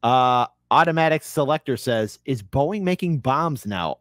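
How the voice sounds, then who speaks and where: Male streamer, mocking reaction commentary, bright voice, dry sound. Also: medium pitch, expressive, unhurried, hardly any pauses, no room sound. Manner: mocking, laughing, reads chat aloud. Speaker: streamer reacting to a debate clip. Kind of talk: casual live-stream commentary.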